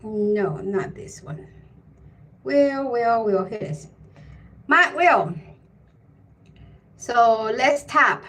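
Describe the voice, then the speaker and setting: A middle-aged woman hosts a casual live stream from home, talking in a high voice. She speaks at an easy, slow pace and thinks aloud. She greets her viewers by name. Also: expressive, a bit bright.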